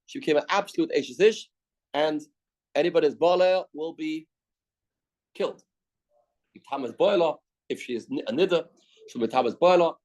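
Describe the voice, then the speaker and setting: Man teaching a Talmud page, higher voice. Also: a little mellow, low-quality recording. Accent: Canadian. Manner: mixes Aramaic reading with quick English explanation, repeats key phrases. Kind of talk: daily Talmud class.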